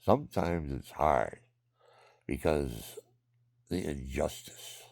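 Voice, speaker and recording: Older guy rambling a story, super deep gravelly voice, dry sound. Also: animated, slow pace, no echo. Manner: drifts into hushed whispers, repeats himself. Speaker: vlogger.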